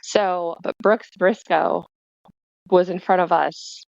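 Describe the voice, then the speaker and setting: A woman guest in a casual podcast chat, telling stories with lively asides. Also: lowish voice, takes it slowly, creaky, dry recording. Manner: chatty storyteller, lively asides. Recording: dull, dry lo-fi sound.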